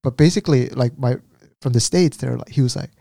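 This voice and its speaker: A man co-hosting a podcast, casually retelling a story in an animated way and acting out the people in it. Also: mid-range voice, brisk, gravelly, no room sound, clean studio sound. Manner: animated retelling with quoted voices. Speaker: podcast co-host.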